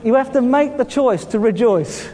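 A man with a southern English accent preaching a sermon to a congregation in a church hall. He talks in a lively way, laughs often and calls out to the room for responses. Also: very high-pitched, normal speed. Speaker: pastor. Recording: long reverb of a church hall.

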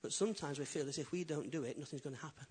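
A man preaching a sermon as pastor, swinging from loud, emphatic build-ups to quiet, intimate asides. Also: a little high, racing, slightly rough. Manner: animated preaching, rising loud then dropping quiet.

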